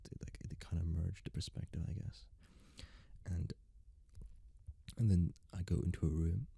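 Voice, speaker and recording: A young ASMR creator rambles softly, right up against the microphone, his low voice gravelly, very husky and very dark. He links loose thoughts with "like" over and over, holding a steady tone at a moderate pace with no room sound.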